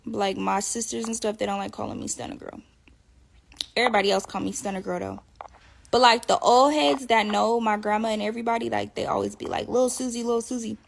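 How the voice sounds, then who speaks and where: A young woman telling stories in a casual interview, animated and profane, often laughing. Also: mid-range voice, a little fast, gravelly, slight background noise. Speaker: interview guest. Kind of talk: casual storytelling.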